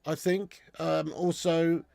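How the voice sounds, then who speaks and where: A man's voice: a little high, flat delivery, slow, creaky, a little mellow, no room sound. A man hosting a live football watch-along stream, reading out donations and bantering with viewers in a chatty manner with frequent laughs.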